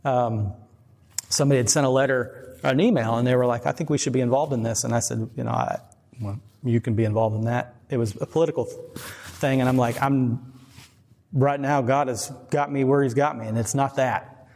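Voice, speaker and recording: A man's voice: mid-range voice, steady tone, a little fast, a little mellow. A middle-aged man giving a casual, rambling sermon, earnest and often laughing. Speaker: preacher. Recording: long reverb.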